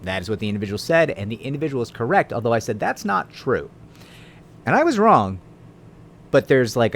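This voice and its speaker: Low-voiced lawyer man, dry and sarcastic. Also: fairly bright tone. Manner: conversational, tag questions, dry sarcastic asides. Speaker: lawyer explaining the law. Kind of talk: casual explanatory video talk.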